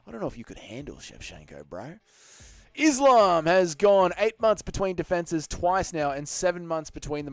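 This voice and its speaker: An Australian man chats on a livestream, his fairly high voice swinging up and down as he answers viewers in a cheeky, animated way. The sound is dry and close, with quiet music underneath. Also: no echo. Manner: animated and cheeky, swears casually, reads chat aloud and answers it. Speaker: livestream host. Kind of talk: casual livestream chat reacting to viewer comments.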